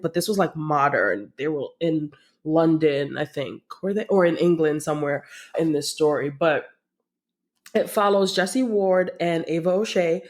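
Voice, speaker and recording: A woman co-hosting a podcast, casually introducing a book recommendation, with plenty of fillers and hedges. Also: fairly low pitch. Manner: chatty, hedging with fillers, agreeable. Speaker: podcast co-host. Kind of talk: casual chat recommending books.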